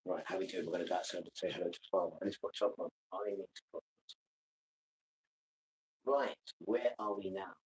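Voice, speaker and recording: A man's voice: low voice, slight background noise, rough recording. A man chatting casually as he cooks and heads outside, rambling and joking as he talks. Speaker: vlogger. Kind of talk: casual chat while cooking.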